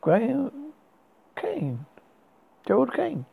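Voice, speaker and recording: A man's voice: extremely high pitch, huge pitch swings, drawn-out words, vocal fry, slightly rough, narrow, tinny audio, pitched above the performer's own voice, exaggerated voice. A man voicing a friendly, eager middle-aged man who is meeting an old classmate again, read in a horror story.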